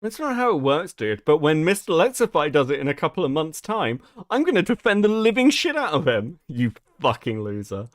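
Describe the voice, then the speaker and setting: A British man hosting a live stream, reacting with profane, mocking commentary. His voice swings widely in pitch as he jeers. The sound is dry and close, with no room around it. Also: very animated, brisk, few pauses, dry recording. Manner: profane, mocking, loud outbursts. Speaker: streamer host.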